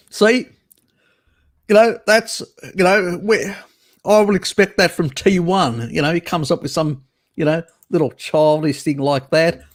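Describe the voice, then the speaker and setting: A man's voice: on the high side, slow pace, long pauses. A man hosting a casual live stream, chatting with viewers in a teasing, cheeky way and laughing often.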